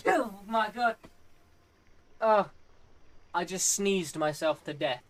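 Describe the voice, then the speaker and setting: A man streaming a video game, talking to it excitably with yelps and groans. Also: high voice, takes it slowly, long pauses, a little hiss or hum.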